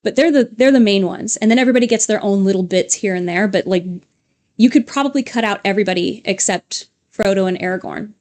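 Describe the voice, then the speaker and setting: A woman's voice: mid-range voice, fast, darkish tone. A woman co-hosting a livestream, chatting casually in a rambling way with restarts. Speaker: livestream co-host. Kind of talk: casual chat.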